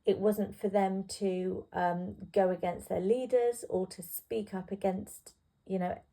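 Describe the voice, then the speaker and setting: A woman's voice: mid-range voice, steady tone, measured pace, vocal fry, warm tone. A woman tutor talking through a poem in a casual revision lesson, with plenty of ums and restarts. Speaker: English literature tutor.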